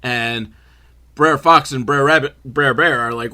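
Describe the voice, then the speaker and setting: A man's voice: mid-range voice, unhurried, sharp tone. A man giving a sarcastic, profane comedic film recap, full of rambling asides. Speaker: comedy reviewer.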